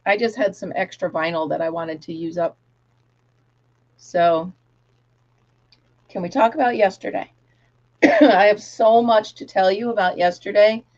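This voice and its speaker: A woman hosts a casual live stream and tells long, rambling stories with plenty of animation. Her voice sits at an ordinary middle pitch. The audio is a little dull and lo-fi. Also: fairly even intonation, a little slow, long pauses, darkish tone. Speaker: host. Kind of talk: casual chat, storytelling to viewers.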